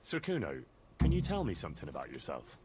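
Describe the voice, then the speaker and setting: A polite young squire. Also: male voice, a bass voice, wildly swooping pitch, fast talker, noisy background, exaggerated voice. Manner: polite and inquisitive. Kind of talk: video game dialogue.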